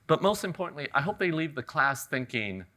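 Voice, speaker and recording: A middle-aged man from California giving a live flower-arranging demonstration, talking in a relaxed, joking way. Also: fairly high pitch, fairly quick. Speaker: ikebana demonstrator. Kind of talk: live floral demonstration talk. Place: garden event venue with audience.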